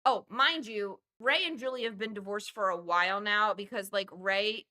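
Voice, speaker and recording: A woman's voice: medium pitch, normal speed. A woman hosting a podcast, casually retelling a movie plot with lots of swearing and acted-out voices. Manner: animated storytelling, acts out characters, swears freely. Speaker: podcast host. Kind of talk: casual movie review chat.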